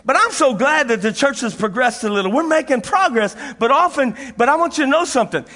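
High, bright-voiced preacher in a reverberant hall. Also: male voice, expressive, a little fast. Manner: folksy storytelling, laughing often, repeating phrases for emphasis. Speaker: pastor. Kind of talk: sermon. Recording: long reverb of a large hall.

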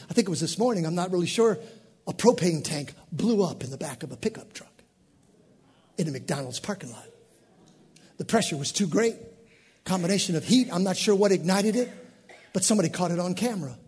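Male pastor, high and animated, preaching in a church with long reverb. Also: fairly quick, slightly rough. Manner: animated preaching with bursts of shouting. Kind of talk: sermon.

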